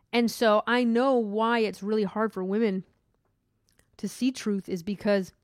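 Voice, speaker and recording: A woman's voice: medium pitch, no room sound, studio quality. A woman who works in hospital imaging, talking earnestly and rambling with restarts in a casual spiritual monologue. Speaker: hospital MRI worker.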